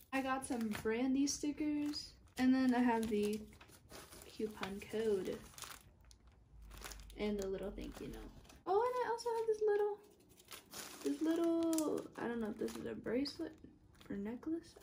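A young woman filming an unboxing vlog, excited and gushing, sometimes dropping to a whisper. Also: high voice, a little hiss or hum. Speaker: YouTuber.

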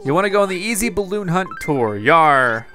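A man putting on a gruff old pirate captain. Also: sits high, sing-song, moderate pace, sharp tone, faint music behind, full character voice. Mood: hearty. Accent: put-on pirate accent. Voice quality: growling pirate talk with "yar" and "me". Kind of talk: reading game dialogue aloud in a voice.

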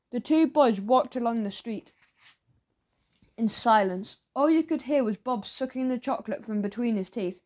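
A woman narrating a children's audiobook in a steady storytelling manner. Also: medium pitch, moderate pace.

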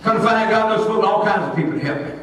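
A man preaching a sermon as pastor, an animated storyteller who laughs often as he talks. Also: high voice, very fast. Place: church hall. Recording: echoey hall, distant mic, congregation audible.

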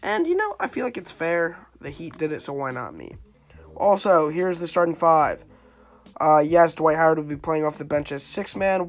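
A young man giving casual, chatty commentary on his gameplay, second-guessing himself as he goes. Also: fairly high pitch. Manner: chatty, self-interrupting, wavering pick by pick. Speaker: gaming YouTuber.

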